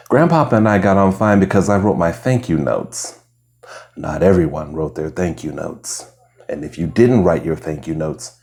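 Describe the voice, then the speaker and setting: Deep-voiced man reading softly, ASMR. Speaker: reader. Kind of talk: soft ASMR reading of essays. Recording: lo-fi home recording.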